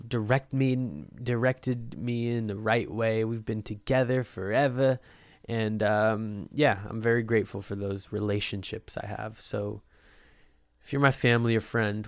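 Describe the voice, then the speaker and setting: A man's voice: lowish voice, dry recording, studio quality. A young man hosting a casual solo podcast, answering listener questions in a loose, jokey way and swearing freely. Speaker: podcast host. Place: Portland.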